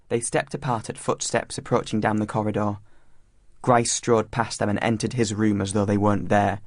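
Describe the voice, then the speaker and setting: A man reading a story aloud in a measured, plain narration. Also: on the low side, little pitch movement, no room sound, clean studio sound. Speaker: audiobook reader. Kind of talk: scripted narration.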